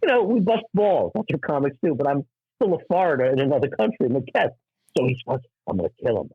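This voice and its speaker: A middle-aged man from New York, a stand-up comic telling anecdotes in an animated way and acting out the people in them. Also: on the high side, breathy edge, no room sound, narrow, tinny audio. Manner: acts out voices in anecdotes, quick asides. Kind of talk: animated storytelling.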